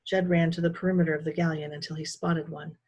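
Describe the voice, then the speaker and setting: A teacher reads a children's novel aloud in a steady, expressive storytelling voice. Her voice is somewhat husky, and she keeps an even pace through the action. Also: sits low, quick pace, lo-fi sound.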